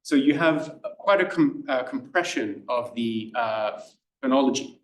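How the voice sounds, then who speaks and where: Casting: Australian male tutor, middle pitch, chatty and halting, recorded from across an echoey room. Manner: chatty, hesitant, many fillers and restarts. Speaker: Greek tutor giving a lecture. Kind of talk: informal lecture. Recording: roomy lecture room, mic at a distance.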